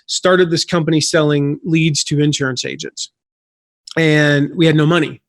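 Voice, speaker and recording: Chatty, animated man telling a story. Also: fairly high pitch, moderate pace, dry recording, studio quality. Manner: animated, chatty, with frequent fillers and restarts. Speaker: podcast guest, affiliate marketing consultant. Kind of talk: casual conversational storytelling.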